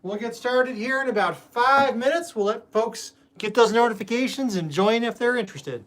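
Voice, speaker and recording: A man's voice: very high voice, normal speed, a bit bright. A man hosting a casual live stream, chatting and greeting viewers by name with plenty of fillers. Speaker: host.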